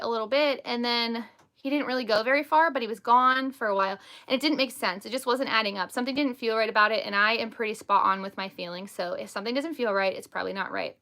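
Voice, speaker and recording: A woman with a bright, higher-pitched voice hosts a casual live stream. She talks bluntly and defiantly, leaning on "like" and stressing her words hard. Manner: heavy use of "like" and "over the top". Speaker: host and stepmother.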